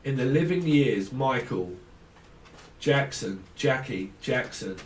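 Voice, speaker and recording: A man's voice: medium pitch, animated, slow pace, a little hiss or hum. A man doing a casual tarot reading, rambling and free-associating names and laughing often. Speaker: tarot reader. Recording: echoey room, mic at a distance.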